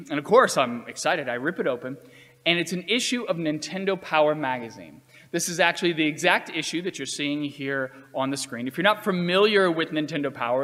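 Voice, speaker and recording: A man telling personal stories in an earnest, measured way, acting out quotes along the way. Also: fairly high pitch, sharp tone, in a large hall. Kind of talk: storytelling talk.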